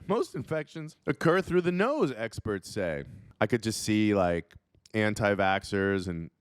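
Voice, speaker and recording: A man's voice: dry recording, studio quality. A comedian host riffing casually, joking and laughing at his own bits. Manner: jokey, laughs at his own bits, jumps into silly high voices.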